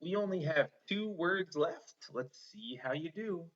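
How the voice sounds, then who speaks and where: A male teacher talks slowly and patiently, breaking words into sounds and praising his student. His voice is bright. The recording is dull and lo-fi. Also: fairly high pitch, expressive. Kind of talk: one-on-one spelling lesson.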